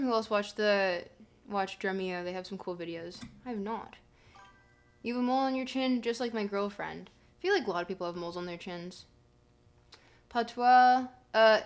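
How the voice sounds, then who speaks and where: A young woman streaming live, chatting casually and joking as she reads her chat aloud. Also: mid-range voice.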